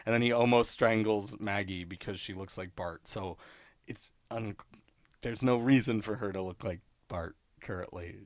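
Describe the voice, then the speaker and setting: A man's voice: fairly low pitch, normal speed, no echo. Rambling man in wry solo commentary. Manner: rambling, self-interrupting, wry, laughs at own points. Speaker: podcast host reviewing episodes.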